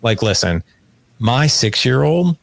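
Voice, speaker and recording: A man's voice: mid-range voice, takes it slowly, vocal fry, no echo. A man in his forties, a podcast guest coaching fathers, telling stories and acting out dialogue in casual conversation. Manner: animated storyteller acting out dialogue.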